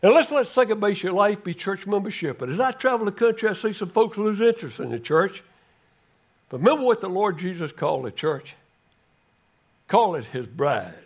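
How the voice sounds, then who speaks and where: Dramatic older male preacher, high voice. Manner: dramatic storytelling, swinging from loud to hushed. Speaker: guest preacher. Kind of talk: sermon.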